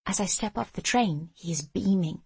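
An older woman narrating a memoir audiobook in a measured, intimate first-person voice. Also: fairly low pitch, gravelly, husky, dry recording.

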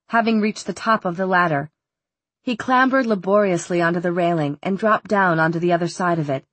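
A woman reads a novel aloud in measured, even storytelling. Her voice sits low and carries a breathy, husky edge. The recording is close and dry, with no room echo. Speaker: audiobook narrator. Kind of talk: scripted narration.

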